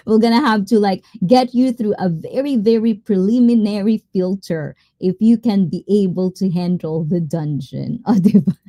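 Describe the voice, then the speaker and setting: A woman's voice: lowish voice, dark tone, no echo. A woman hosting a casual livestream chat, playful and teasing with her viewers and mixing Tagalog fillers into her English. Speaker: livestream host.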